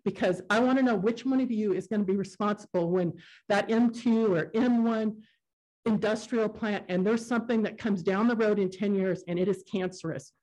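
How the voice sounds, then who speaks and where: A woman speaking up at a council hearing, earnest and openly emotional. Her voice sits at an ordinary middle pitch, and her talk is unrehearsed but insistent. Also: moderate pace, darkish tone. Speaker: resident testifying at a public hearing. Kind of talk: public comment at a council meeting.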